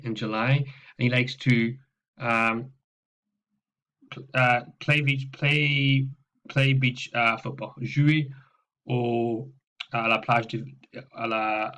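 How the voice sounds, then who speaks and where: A man's voice: medium pitch, a bit bright. A man teaching French, patiently walking students through exercises over a slightly dull laptop recording. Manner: explains patiently with frequent "okay" and repetitions. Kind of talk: recorded classroom lesson walkthrough. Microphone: laptop microphone.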